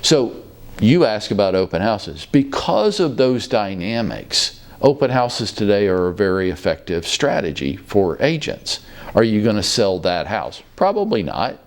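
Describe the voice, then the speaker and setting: Chatty low-voiced man in his fifties. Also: moderate pace. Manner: chatty storyteller, relaxed and folksy. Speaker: real estate brokerage leader hosting a show. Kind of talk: casual conversational talk show. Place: his office.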